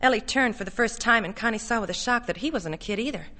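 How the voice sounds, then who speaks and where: A woman giving a measured, steady reading of a literary short story. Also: a little high. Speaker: reader.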